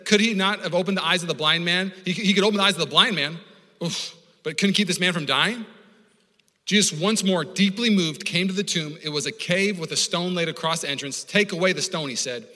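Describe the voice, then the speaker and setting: A man preaching a sermon in a church hall, his high voice forceful and sharp. He builds to snarls and shouted lines. A long reverb trails his words, with faint music behind. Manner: passionate, rising to snarls and shouts. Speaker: pastor. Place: church sanctuary.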